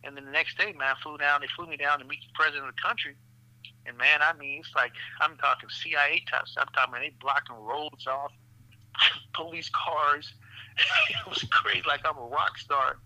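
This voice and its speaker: A man, a physician guest, telling stories in an animated, profane way, laughing often and calling the listener "man" and "brother". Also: a little high, normal speed, no room sound, poor audio. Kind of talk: animated storytelling in a podcast interview.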